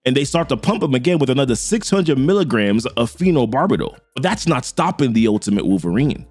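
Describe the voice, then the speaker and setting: Lively man recapping comics. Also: mid-range voice, a little fast, no room sound, soft background music. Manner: retells panels with slangy quoted voices. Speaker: comic book reviewer.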